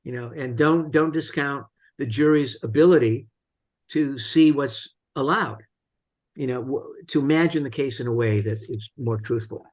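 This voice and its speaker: A man's voice: medium pitch, moderate pace, a little mellow. A man hosting a film discussion, retelling scenes casually with many fillers and restarts.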